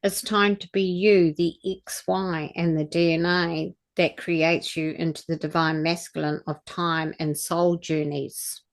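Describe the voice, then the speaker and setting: Earnest low-voiced woman channeller. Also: flat delivery, unhurried, few pauses. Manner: earnest, rambling, restarts mid-thought. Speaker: spiritual channeller. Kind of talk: spiritual talk and guided activation.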